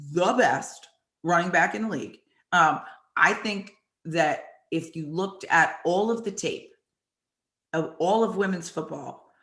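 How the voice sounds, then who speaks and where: A woman hosting and telling animated stories about her football days, acting out the lines people said. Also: low voice. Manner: animated, acts out quotes from the story. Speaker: host and former football player. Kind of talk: storytelling chat. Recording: echoey room.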